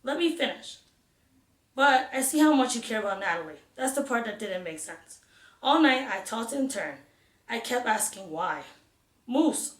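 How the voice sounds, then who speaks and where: Female reader voicing a calm middle-aged mother, low-key and soft, in an echoey room. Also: natural voice. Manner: soft, quiet and measured. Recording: roomy echo.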